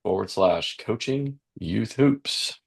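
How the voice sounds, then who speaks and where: A man co-hosting a podcast who plugs projects and backs up his partner with quick agreements. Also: on the low side, expressive, creaky, breathy edge. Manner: affirming, many quick agreements. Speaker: podcast co-host. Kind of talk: casual podcast chat.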